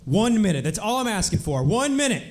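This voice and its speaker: A man's voice: high voice, very animated, fairly quick. A man reading a pushy, smug TV reporter. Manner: pushy, insistent. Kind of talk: comedic live script reading.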